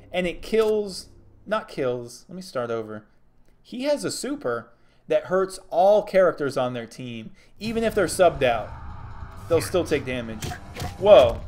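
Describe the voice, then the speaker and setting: A young man from Texas giving casual, joking commentary on a game stream and reading chat messages aloud. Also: high-pitched.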